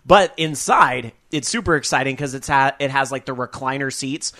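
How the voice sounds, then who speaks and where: A man's voice: medium pitch, normal speed, bright, forceful tone. A man hosting a live gaming podcast, chatting in a rambling, upbeat and casual way. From Northern California. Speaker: podcast host. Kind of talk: casual live radio chat.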